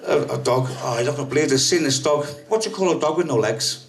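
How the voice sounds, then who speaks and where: A man's voice: fairly high pitch, fast. Rambling Scouse man doing stand-up. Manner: rambling, forgetful persona, frequent "you know what I mean". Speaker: amateur stand-up comedian. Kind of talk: stand-up comedy set. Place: packed comedy night venue. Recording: distant mic, loud noise.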